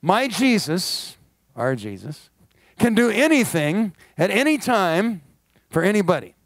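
A middle-aged man preaching a sermon in church, animated with wry asides and quick laughs. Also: high voice, no room sound. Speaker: guest pastor. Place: church sanctuary.

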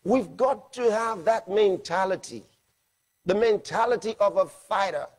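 Husky-voiced man preaching a sermon. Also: high-pitched. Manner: emphatic preaching, slows to read scripture aloud. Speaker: pastor.

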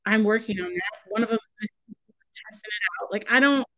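A woman with a medium-pitched, brisk, sharp-toned voice rants casually from home on her own crafting channel. She rambles, sounds exasperated, and keeps cutting herself off. The audio quality is poor.

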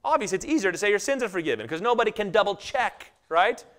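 A middle-aged man preaching a sermon, telling stories animatedly and acting out quotes in lively voices. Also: high voice, fast talker. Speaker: pastor.

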